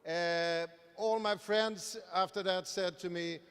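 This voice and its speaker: Wry male speaker, unhurried delivery, reverberant conference hall. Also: sits high, fairly even intonation, fairly bright tone, clear, resonant tone. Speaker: conference speaker, vineyard owner. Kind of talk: short personal story.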